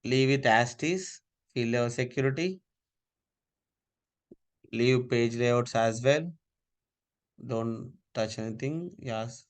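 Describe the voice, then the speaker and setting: A man's voice: medium pitch, slow pace, pauses often. A man teaching a live online class over a video call, giving repeated step-by-step instructions.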